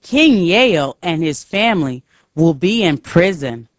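A woman reading the lines of an arrogant young samurai warlord in a storybook, slowly and plainly. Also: fairly low pitch, sing-song, no echo. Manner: slow, careful reading.

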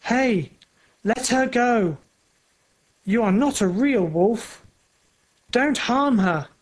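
A narrator doing a brave boy yelling. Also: mid-range voice, animated, very slow, voice pushed up. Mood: urgent. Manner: yelling, urgent. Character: a brave young boy shouting at a wolf.

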